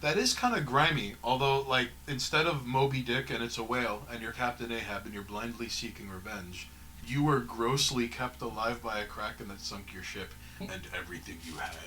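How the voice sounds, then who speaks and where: A man's voice: medium pitch, normal speed, sharp tone, a little hiss or hum, rough recording. A man hosting a casual gaming stream, joking around and reading out viewer comments. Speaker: stream host reading chat.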